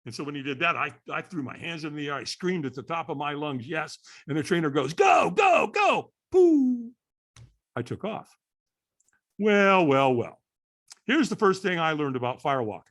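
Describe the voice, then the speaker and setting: A man in his sixties from California, a podcast guest telling a story in an animated way, acting out the voices of the people in it. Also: fairly high pitch, quick pace, few pauses. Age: 60s. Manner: lively storyteller acting out voices, frequent "right?".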